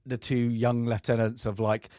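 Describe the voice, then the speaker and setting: A man's voice: mid-range voice, little pitch movement, normal speed, darkish tone, no echo, studio quality. A man co-hosting a film review podcast, chatting casually, telling stories with frequent laughs and acting out the voices of people he quotes. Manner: chatty storyteller who laughs often and acts out quoted voices. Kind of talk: casual chat, telling an anecdote.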